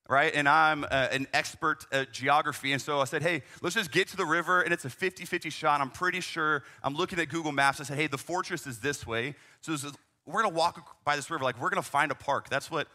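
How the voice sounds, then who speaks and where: A man's voice: medium pitch, bright, forceful tone. A young man, a youth ministry leader, telling a travel story in a conversational way, full of "man" and "right?" asides. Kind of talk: storytelling talk.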